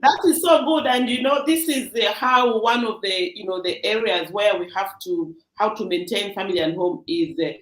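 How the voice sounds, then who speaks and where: A woman's voice: medium pitch, moderate pace, hardly any pauses, fairly bright tone. A woman coach hosting a livestream interview, encouraging her guest and asking questions. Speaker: coach and host. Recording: roomy echo.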